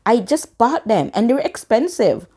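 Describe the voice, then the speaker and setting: A young woman in her twenties telling a personal story in a casual, swearing, animated way. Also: fairly high pitch, normal speed, husky. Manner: swearing, animated reenacted quotes. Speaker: storytime vlogger.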